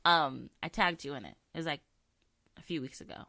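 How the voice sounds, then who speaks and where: A woman's voice: sits low, gravelly, bright, forceful tone, dry recording. A young woman co-hosting a podcast, telling stories in a chatty way with wry asides. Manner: chatty storyteller, drawn-out fillers, wry asides. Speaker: podcast co-host. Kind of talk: casual chat.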